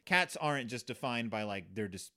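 A man of medium pitch hosts a podcast, his tone sharp, his delivery lively and normally paced. He gives a comedic, sarcastic, rambling take on a children's book, often restarting and using fillers.

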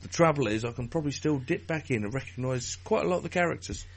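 A man's voice: mid-range voice, expressive, fast, slight background noise. A man, co-hosting a casual podcast chat with wry, bawdy asides. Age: 30s.

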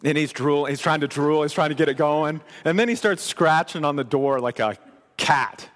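A man preaching a sermon as pastor, animated and conversational with playful asides. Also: a little high, moderate pace, big-room sound.

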